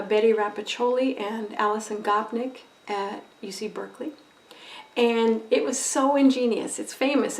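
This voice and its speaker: A woman teaching a recorded lesson on empathy, expressive and conversational, often checking in with "right?". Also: on the high side. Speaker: empathy educator. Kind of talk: recorded lecture video. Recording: roomy echo, voice from a distance.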